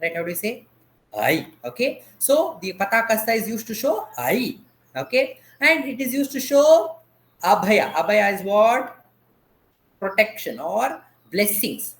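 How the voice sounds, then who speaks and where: A man's voice: high-pitched, very animated, unhurried, a bit bright, echoey room. A man teaching a dance class over a video call. He patiently asks questions and has the students repeat each term after him.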